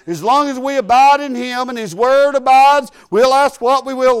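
A woman's voice: sits high, unhurried. A woman pastor, preaching a folksy, emphatic sermon full of hallelujahs.

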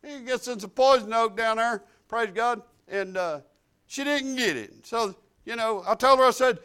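Older preacher guy, real high voice for a man, folksy stories, goes from quiet asides to loud. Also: unhurried, smooth. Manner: folksy storytelling, swings from quiet asides to loud emphatic declarations. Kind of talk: sermon.

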